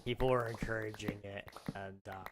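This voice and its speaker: A hoarse man losing his voice, rambling and self-mocking while chatting casually on a livestream. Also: on the low side, steady tone, normal speed, heavy background noise. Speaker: game streamer. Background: music.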